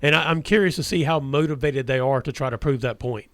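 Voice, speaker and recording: A man's voice: medium pitch, quick pace, fairly bright tone, no room sound. A man hosting a casual sports radio talk show, rambling with many restarts and hesitations.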